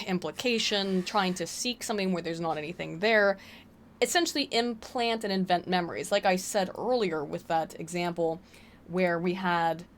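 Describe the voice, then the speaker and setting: A woman's voice: on the low side, a little hiss or hum. A woman hosting a casual live-stream Q&A, rambling with laughing asides. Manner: rambling, frequent fillers and restarts, laughing asides.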